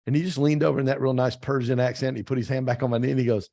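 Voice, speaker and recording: A man hosting a podcast talks at a brisk clip, his voice a little husky. He tells stories with punchy, repeated phrases. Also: mid-range voice, fairly even intonation, mellow. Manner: fast, emphatic storytelling with repeated phrases. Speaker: podcast host. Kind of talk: casual interview chat.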